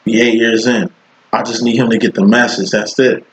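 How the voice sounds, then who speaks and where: Giving a laid-back tarot reading as a psychic, a thirty-something man uses blunt, profane street slang. His voice sits at medium pitch, moves little in pitch, and keeps a normal speed. The recording has a roomy, dull, lo-fi quality.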